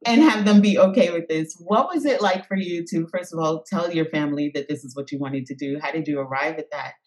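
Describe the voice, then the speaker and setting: Lively laughing woman podcast host. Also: deep voice, fairly quick, rough recording. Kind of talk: casual interview chat.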